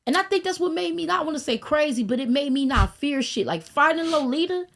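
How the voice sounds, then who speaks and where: A woman from Arkansas telling crude, animated stories in a casual podcast chat. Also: sits high, brisk, gravelly. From Arkansas, American South. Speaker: podcast guest.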